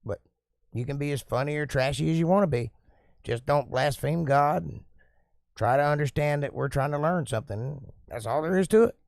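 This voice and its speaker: A man hosting a casual live stream, reading viewer comments aloud and answering them in a relaxed, talkative, folksy way. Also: fairly high pitch, normal speed, vocal fry, no room sound, studio quality.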